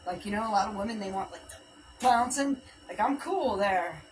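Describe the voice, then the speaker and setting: Slightly winded, this woman leads a live home workout, calling out reps and chatting as she exercises. She has a medium-pitched voice and a moderate pace, captured from afar with background music in a low-quality recording.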